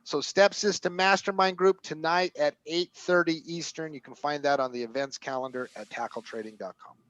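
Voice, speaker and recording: A man co-hosting a market show, reading schedule notes in a brisk, matter-of-fact way. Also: on the high side, fairly even intonation, a bit bright, no echo, low-quality recording. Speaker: co-host. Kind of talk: casual announcements.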